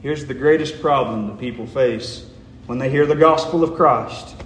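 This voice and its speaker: A man's voice: medium pitch, moderate pace, reverberant, big-room sound, a little hiss or hum. A man preaching a sermon as a pastor, asking the congregation one rhetorical question after another.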